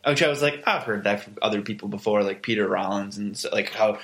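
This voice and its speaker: A man's voice: on the low side, fast talker, a bit bright. A man in casual chat, giving wry, laid-back commentary with some swearing.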